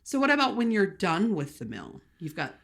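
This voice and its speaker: A woman with a Southern American accent, co-hosting a podcast in lively, teasing casual chat. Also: medium pitch, normal speed, vocal fry. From Southern United States. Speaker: podcast co-host.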